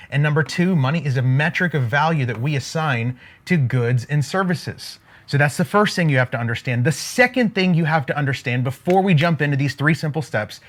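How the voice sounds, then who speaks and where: Emphatic male money coach with a preacher's repetition and a fairly high voice, recorded close to the mic. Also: a bit bright. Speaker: online business coach. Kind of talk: motivational money teaching.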